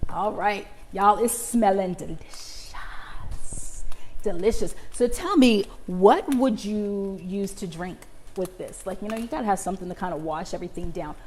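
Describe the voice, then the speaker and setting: A woman's voice: medium pitch, moderate pace, darkish tone, slight background noise. Chatty woman cooking live. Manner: chatty, addresses viewers as y'all. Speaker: cooking show host. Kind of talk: live cooking stream chat. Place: home kitchen. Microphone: connected microphone, moving around the house.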